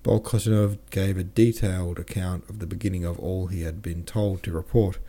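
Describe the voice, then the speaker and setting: A podcast host and audiobook reader reads a classic novel aloud in a deep, low voice with a mellow, soft tone. At a moderate pace, his delivery stays plain and steady, broken occasionally by casual self-corrections and offhand asides.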